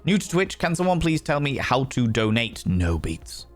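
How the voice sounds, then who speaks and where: A man's voice: mid-range voice, sing-song, moderate pace, soft background music. A man hosting a livestream, chatting casually with viewers in a playful, theatrical way with mock outrage. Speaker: livestream host.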